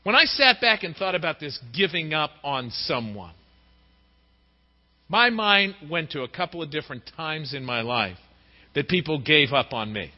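A man's voice: fairly high pitch, normal speed. A middle-aged male pastor giving a sermon in a church and acting out the voices of people he quotes. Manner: lively, acts out quoted voices. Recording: dull recording in a reverberant hall.

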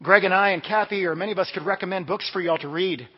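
A man's voice: sits high, fast talker, husky. A man from the Washington DC area preaching a sermon in a conversational, storytelling way. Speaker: pastor. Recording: dull sound with long hall reverb.

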